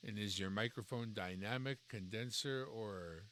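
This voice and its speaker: A man casually walking through his streaming gear, relaxed and rambling, correcting himself as he goes, into a dynamic microphone. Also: on the low side, normal speed, long reverb tail, slight background noise. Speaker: YouTube creator reviewing streaming gear.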